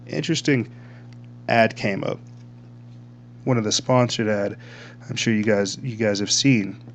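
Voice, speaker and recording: A rambling male host with a somewhat low voice talks casually and often trips over his own words. A faint electrical hum sits under the recording. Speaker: podcast host. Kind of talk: casual commentary reading from screen.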